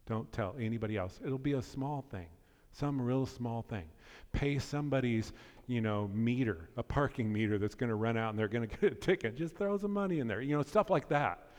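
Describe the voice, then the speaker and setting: A man preaching a sermon, telling stories in an animated way and laughing at his own jokes. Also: medium pitch, fairly quick, in a large hall.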